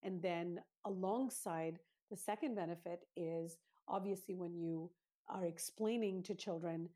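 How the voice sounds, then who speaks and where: A woman with a slightly husky, low-pitched voice speaks as a guest in an interview. Her tone is dark and mellow. She lays out her points in an earnest, teacherly way, step by step. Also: measured pace. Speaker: parenting author, guest. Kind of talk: explanatory interview talk.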